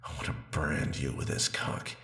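A man voicing a seductive male demon spirit who has taken over a man's body, speaking in a slow, low, intimate murmur for an adult audio role-play. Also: a bit bright, roomy sound, lightly acted.

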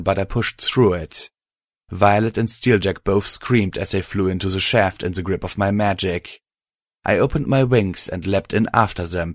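A man with a fairly low voice narrates in a steady, even storytelling manner. The recording is close and dry, with no room around it. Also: dry recording. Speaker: audiobook narrator. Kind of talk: scripted narration.

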